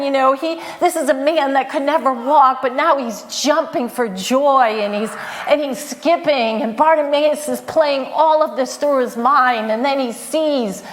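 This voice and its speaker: Woman preacher, sermon, chatty storytelling, lots of fillers, higher voice. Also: a little hiss or hum. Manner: conversational storytelling with many fillers.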